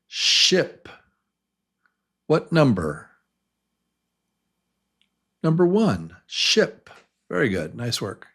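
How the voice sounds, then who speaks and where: A man leads a beginner English pronunciation lesson, drilling words slowly and patiently and praising his learners. His voice is gravelly, his pitch moves up and down a lot, and his pace is very unhurried. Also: wildly swooping pitch. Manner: slow, patient, encouraging drills. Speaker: English teacher.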